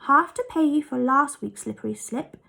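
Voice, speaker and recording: A woman's voice: sits high, moderate pace, gravelly, pushed and bright, full character voice. A woman voicing an eager, bold young boy in a children's story. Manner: eager, exclaiming.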